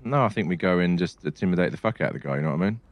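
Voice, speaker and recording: A man's voice: low-pitched, expressive, very fast, muffled recording. A man chatting casually in a role-play game, laid-back and full of "you know what I mean". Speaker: fellow role-play player.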